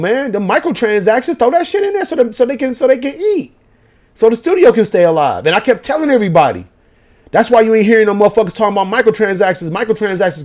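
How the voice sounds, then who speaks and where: A man, giving a profane late-night rant as a gaming vlogger. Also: high-pitched. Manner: profane, animated ranting in slang.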